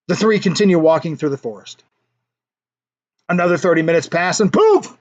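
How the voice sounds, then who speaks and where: A man's voice: on the high side, normal speed. A man hosting a casual livestream, telling a joke and chatting with viewers in a playful way, chuckling at his own jokes. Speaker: livestream host.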